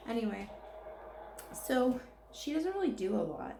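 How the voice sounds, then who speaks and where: A woman talks through her makeup routine in a loose, rambling chat, ranting and swearing freely. Her voice has a gravelly fry to it, and the sound bounces around an echoey room. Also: on the high side, big pitch swings, unhurried, background noise. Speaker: makeup vlogger. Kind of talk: casual rambling chat while doing makeup.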